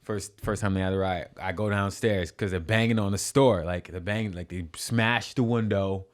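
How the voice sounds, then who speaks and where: A young man casually telling a story as a podcast guest, animated and profane, with lots of restarts. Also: low-pitched, normal speed. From New York City.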